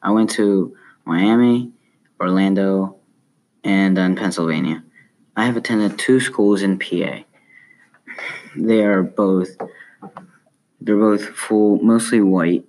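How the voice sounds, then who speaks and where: A man's voice: low-pitched, slow, pauses often, a little mellow, a little hiss or hum. A man from South America, a Spanish speaker with a light South American Spanish accent, reading a personal essay aloud in a plain, earnest way. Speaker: student.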